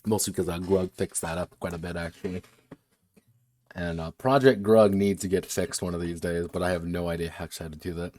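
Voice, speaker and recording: A man's voice: low voice, steady tone, fairly quick, a little mellow. A man chatting casually on a stream about designing games, rambling, laughing and swearing freely. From United States. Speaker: game designer streaming a workshop.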